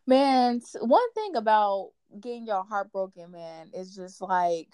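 A young woman hosting a relaxed conversation, rambling and animated, with lots of "like" as she tells a story. Her voice sits at an ordinary middle pitch. The sound is dry and close, with no room around it. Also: unhurried, clean tone, dry recording. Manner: animated storyteller, fills talk with "like". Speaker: podcast host. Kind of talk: casual chat.

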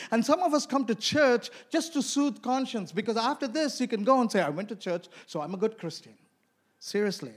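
A man from India preaching a sermon, telling stories and asking the congregation questions. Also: sits high.

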